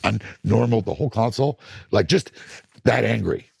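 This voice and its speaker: An older man with a very deep, raspy, gravelly voice tells studio stories with lively swings in pitch. He sounds husky and worn. The recording is dry and close. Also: moderate pace, no room sound. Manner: animated storytelling, acts out studio voices. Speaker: record producer. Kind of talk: casual interview talk.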